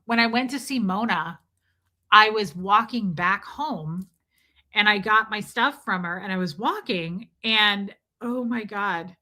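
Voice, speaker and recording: A sharp-toned, mid-range voice belongs to a middle-aged woman hosting a casual livestream. She chats freely, spins rambling stories, and reads comments out loud as she replies.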